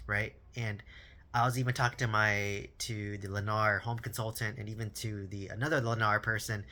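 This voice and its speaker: Casual male vlogger, thirties, bright tense tone, chatty storyteller who restarts words often. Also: lowish voice, flat delivery, moderate pace. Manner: rambling storytelling, lots of "right?" and repeated words. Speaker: vlogger on real estate and personal finance. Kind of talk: casual talking-head monologue.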